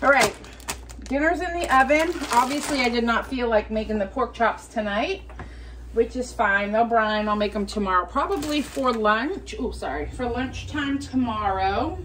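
A woman vlogging casually from home, chatty and rambling, now and then talking to her cats in a soft baby voice. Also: on the high side, normal speed, a little hiss or hum. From United States. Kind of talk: casual day-in-the-life vlog.

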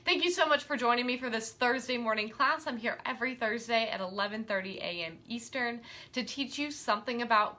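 A woman hosting a live-streamed quilting class, bubbly and excitable, chatting and easily sidetracked. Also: a little high. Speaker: quilting teacher and host.

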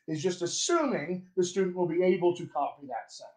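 A man coaching dialects in a live-streamed lesson, playful and chatty with a fairly high voice. He talks to viewers with easy humor. The sound is roomy and echoey. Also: lively intonation, fairly quick. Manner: playful, chatty, laughs at himself. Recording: echoey room.

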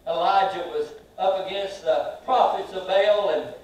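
A man preaching a sermon. He swings between loud, drawn-out shouts and soft asides, and he questions the congregation and has them repeat lines back to him. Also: sits high, far from the mic. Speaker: pastor. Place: large church sanctuary. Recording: very echoey hall, heard from afar.

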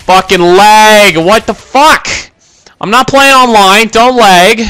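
Young man, gaming commentary, quick temper, constant swearing, high voice, bright tone. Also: clear, resonant tone. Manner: short-tempered, cursing, yelling at the game. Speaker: gameplay commentator. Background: gunfire from the game.

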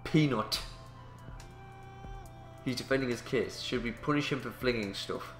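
A man's voice: mid-range voice, unhurried, pauses often, a bit bright, roomy sound, soft background music. A man casually commentating a game, playful and jokey, swearing and reacting as he plays. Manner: playful, jokey, swears, does silly voices. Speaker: let's play host.

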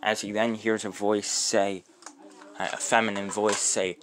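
A man casually narrating a homemade fan story, rambling off on tangents with halting restarts. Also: fairly low pitch, little pitch movement, a bit bright.

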